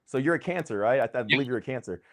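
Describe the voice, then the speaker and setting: A man's voice: medium pitch, very fast. Guy, super hyped, says dude and bro a lot, casual chat. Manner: excitable, slangy, uses "dude" and "bro". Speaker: host. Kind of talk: casual conversation.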